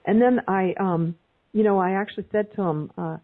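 A woman with a breathy, husky voice talks through a narrow, phone-like call connection. She coaches a group with animated emphasis. She keeps repeating her key phrases. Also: mid-range voice, moderate pace. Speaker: guest speaker, life coach. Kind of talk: motivational talk on a group call. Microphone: video call.

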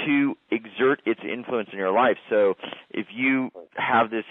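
A man's voice: fairly low pitch, a little slow. A man hosting a conversation and speaking as a hypnotist, explaining earnestly and at length. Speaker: host and hypnotist. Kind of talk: casual conversation. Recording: dry, phone-like audio.

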